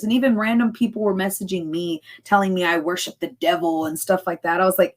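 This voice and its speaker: A woman's voice: lowish voice, quick pace, hardly any pauses. Chatty woman in her thirties. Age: 30s. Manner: chatty, laughs often, acts out what others said. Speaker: podcast guest, fighter and cake baker. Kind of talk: casual podcast chat.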